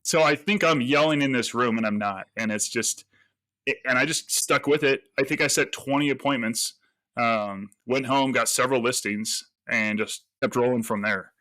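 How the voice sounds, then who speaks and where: A man, a real estate agent, telling stories as a podcast guest in a lively, casual way and acting out the lines he quotes. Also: mid-range voice, moderate pace, no echo. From United States. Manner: animated storyteller, acts out quoted voices. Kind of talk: casual interview talk.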